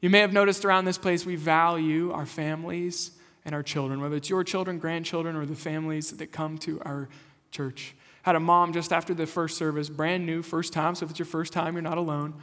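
A young lead pastor from rural Kansas preaches a lively, conversational sermon with a fairly high-pitched voice. He asks the congregation questions and keeps a friendly, engaged manner. His voice rings with a long reverb through a church sanctuary. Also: fairly quick.

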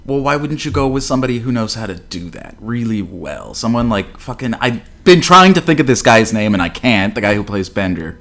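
A man's voice: lowish voice, animated, a little fast, hardly any pauses, fairly bright tone. A man co-hosting a podcast in casual chat, blunt and profane, with plenty of fillers. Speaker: podcast co-host.

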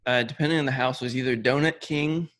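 A man's voice: medium pitch, fairly even intonation, fast, a bit bright. A man hosting a podcast, steering the talk and introducing segments in casual chat. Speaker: host.

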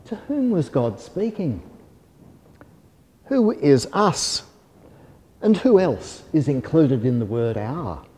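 A man reading a children's story aloud in a gentle, measured, soft-spoken way. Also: a little high, very animated, husky. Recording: long hall reverb.

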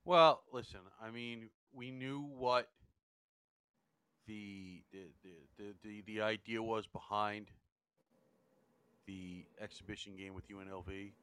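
A man's voice: on the low side, fairly even intonation, slow, long pauses, a bit bright, clean tone, no room sound. A man co-hosting a sports radio show, teasing the host and restarting his sentences often. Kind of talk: casual sports radio banter.

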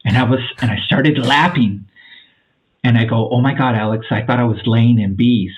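Man in his forties, podcast guest, casual animated storyteller, mid-pitched voice, thin phone-like sound. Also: moderate pace, slight background noise. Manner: animated storyteller, acts out quotes, says "man" and "dude" a lot. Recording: tinny phone-like line.

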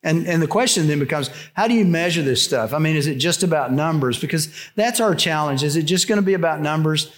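An older man preaching a sermon, telling a story conversationally with restarts, dropping low and soft for quoted lines. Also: quick pace, few pauses. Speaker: pastor.

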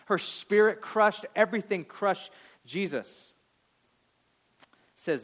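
A male pastor in full sermon mode, his voice sitting somewhat high for a man. He drives his points hard, then drops quiet for scripture and quoted lines. He slips into brief voices of people in the story as he goes. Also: expressive, slow pace, long pauses. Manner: dynamic preaching, swings from loud emphasis to hushed quotes.

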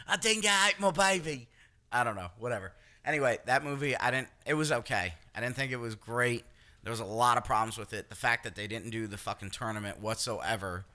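Casual podcast co-host, male, a very bright ringing voice, slightly low pitch, loose and rambling. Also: fairly quick. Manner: rambling, laughs and does silly voices. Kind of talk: casual chat.

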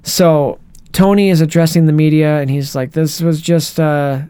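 A man co-hosting a podcast, recapping a movie in casual chat and acting out scenes in quick voices. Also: fairly high pitch, crowd noise. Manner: animated retelling, acts out scenes in quick voices. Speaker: podcast co-host.

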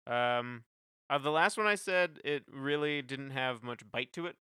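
A young man chatting casually as a podcast co-host, his voice bright and smooth. He hedges and restarts often, and the recording is dry and close. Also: mid-range voice, measured pace, no room sound. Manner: hesitant, many fillers and restarts. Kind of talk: casual chat reviewing music.

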